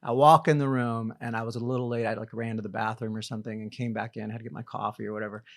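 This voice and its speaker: A man's voice: lowish voice, flat delivery, fast, no echo. A middle-aged man, a company founder guesting on a podcast, telling self-deprecating stories in casual conversation and acting out what people think. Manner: storytelling, acts out quoted thoughts in other voices; self-deprecating, frequent restarts and laughs.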